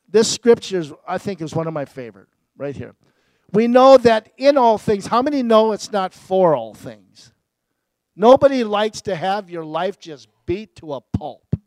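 A male pastor preaching a sermon, swinging between emphatic peaks and low, quiet asides, and often laughing at himself. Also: no echo, rough recording.

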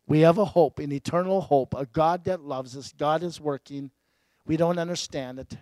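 A male pastor preaching a sermon, swinging between emphatic peaks and low, quiet asides, and often laughing at himself. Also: no echo, poor audio.

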